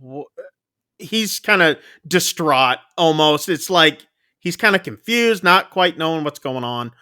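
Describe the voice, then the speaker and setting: Bright-voiced man recapping a movie. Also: on the high side, animated, clean tone, no echo, clean studio sound. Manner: chatty, loose retelling with quick asides. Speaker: podcast co-host. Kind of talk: casual movie recap chat.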